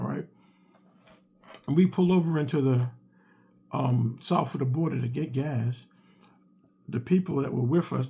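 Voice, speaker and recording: A man telling a comic story casually, animated and repetitive with punchy asides. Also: a little high, creaky, breathy edge.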